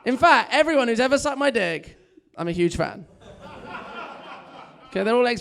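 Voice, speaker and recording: A man's voice: extremely high pitch, expressive, moderate pace, vocal fry, long pauses, a bit bright. A young man doing a chatty, self-mocking stand-up set on a comedy club stage, telling stories with lots of energy.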